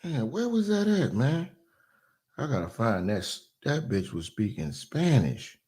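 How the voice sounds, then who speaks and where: A man hosting reaction commentary, ranting loudly and profanely, then dropping to a mutter. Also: medium pitch, sing-song, unhurried, breathy edge. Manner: loud ranting, swings to muttering. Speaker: commentary host.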